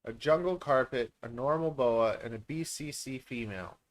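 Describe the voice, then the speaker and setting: He's a Canadian channel host and reptile breeder doing an informal live-stream Q&A, with a mid-range voice at a moderate pace. Between many filler words, he rambles on and makes fun of himself.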